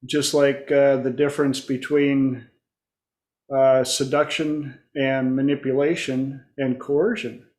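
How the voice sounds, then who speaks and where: A man's voice: medium pitch, little pitch movement, slow pace, darkish tone, echoey room. A man hosting a coaching talk. He rambles and digresses, with many fillers. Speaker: life coach host.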